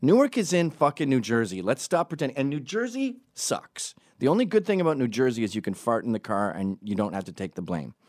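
A man's voice: medium pitch, big pitch swings, fairly quick, hardly any pauses, darkish tone, no room sound, clean studio sound. A man hosting a podcast who talks through a casual comic monologue in a profane, rambling and sarcastic way.

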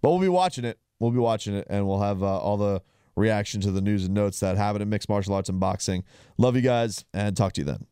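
A man's voice: lowish voice, fairly even intonation, a little fast, warm tone, smooth, no echo, clean studio sound. A man hosting a combat sports show, talking casually with many fillers and restarts. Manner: rambling, frequent fillers and restarts. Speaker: podcast host.

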